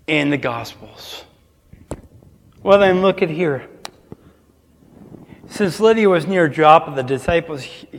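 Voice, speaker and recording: A man's voice: sits high, a bit bright, big-room sound. A man preaching a sermon as pastor, asking the congregation call-and-response questions.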